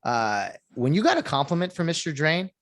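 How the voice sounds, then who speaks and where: A man's voice: on the high side, very animated, brisk, fairly bright tone. A young man hosting a casual podcast interview, chatty and laughing often. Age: young adult. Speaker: podcast host.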